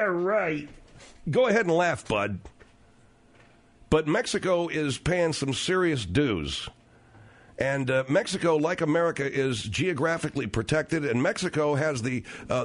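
A middle-aged man hosting a comedic talk radio show, riffing sarcastically on news stories with animated delivery. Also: on the high side.

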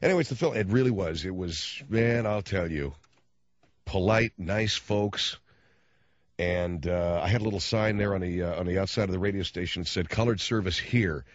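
A man's voice: sits low, moderate pace, dry recording. A middle-aged man hosting radio, telling rambling stories in slangy casual talk and often slipping into voices. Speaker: radio host. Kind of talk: casual storytelling monologue. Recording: dull lo-fi, dry radio sound.

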